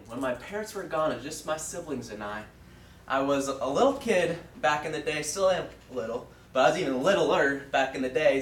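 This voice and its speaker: A young man preaches to a small class and tells a story in an earnest, halting way, full of pauses and fillers. His voice sits a little high. The mic is far away, so the room echoes around him. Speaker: student preacher. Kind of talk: sermon with a personal story. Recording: roomy echo from far off.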